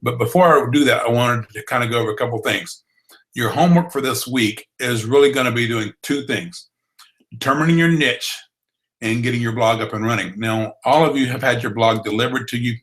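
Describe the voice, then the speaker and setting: A man's voice: medium pitch, a little fast, fairly bright tone, rough recording. A man with a Southern US accent and drawl, teaching a blogging course in a folksy, encouraging way. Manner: folksy, encouraging, repeats itself. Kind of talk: online training broadcast.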